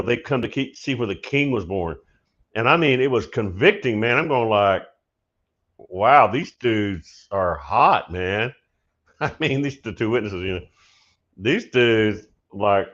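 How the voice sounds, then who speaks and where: A man hosting a prophetic teaching show, telling a story in a casual, animated way and laughing often. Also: fairly low pitch, highs cut off. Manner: animated, laughs often, shouts when acting out his story. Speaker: prophetic minister and show host.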